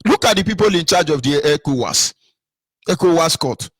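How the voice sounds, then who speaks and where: Fiery preaching Nigerian man, high voice. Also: expressive, normal speed, a bit bright, breathy edge, dry recording. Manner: preachy, emphatic, full of rhetorical questions and repetition. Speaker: political commentator. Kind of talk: impassioned political monologue.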